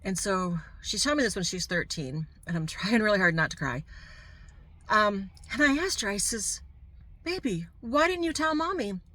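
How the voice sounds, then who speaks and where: A woman's voice: medium pitch, lively intonation, moderate pace, sharp tone, dry recording. A middle-aged woman vlogger telling a personal story to camera, candid and heartfelt, with asides to the viewer.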